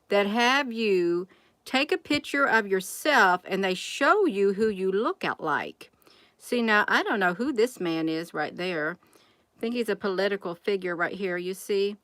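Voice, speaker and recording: A woman's voice: medium pitch, a bit bright, no echo. A woman hosting a casual vlog, rambling and asking her viewers one question after another. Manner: rambling, asks viewers many rhetorical questions; addresses viewers as "you all". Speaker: channel host.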